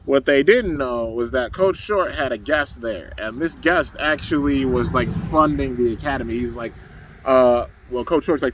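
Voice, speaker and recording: A man's voice: medium pitch, normal speed, a little hiss or hum, poor audio. A young man casually recapping a cartoon episode, rambling and laughing often as he acts out the characters' lines. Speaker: anime reviewer.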